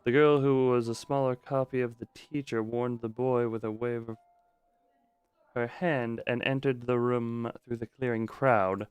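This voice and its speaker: A man's voice: medium pitch, steady tone, measured pace, clear, resonant tone, dry recording, dull audio. A man streaming a game, reading the on-screen text aloud and breaking off for joking remarks. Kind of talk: live gameplay stream, reading a visual novel aloud.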